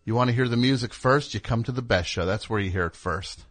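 A man's voice: fairly low pitch, brisk, a bit bright, faint music behind. A man hosting a talk radio show, rambling through a sarcastic, mocking monologue. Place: radio studio.

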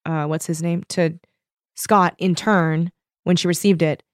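A woman in casual chat about a book, animated, laughing often and quoting the characters. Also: lowish voice, unhurried, dry recording, studio quality. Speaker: book discussion co-host.

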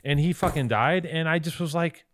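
A man's voice: a little high, moderate pace. A man co-hosting a podcast in casual chat, profane and joking. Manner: profane, joking, puts on silly voices. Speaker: podcast co-host. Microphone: studio microphone.

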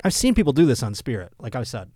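A man's voice: medium pitch, wildly swooping pitch, quick pace, a little mellow, no room sound, clean studio sound. A man hosting a comedy podcast, reading odd news stories with crude, mocking asides and frequent laughter. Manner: puts on voices for quoted people. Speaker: podcast host. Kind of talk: casual comedic news commentary.

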